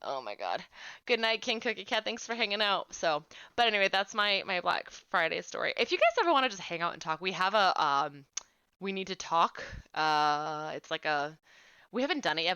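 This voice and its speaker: A woman's voice: lowish voice, expressive, quick pace, sharp tone, clear, resonant tone, dry recording. A woman in her late twenties, a game streamer chatting casually with viewers and telling stories, full of "like". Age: 20s. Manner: chatty storyteller, fillers of "like".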